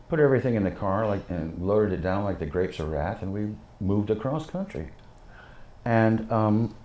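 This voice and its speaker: An older man, a guest musician, tells rambling, anecdotal stories packed with fillers during an interview on a living-room studio set. His voice is low and slightly mellow, with a little hiss or hum and a roomy studio sound.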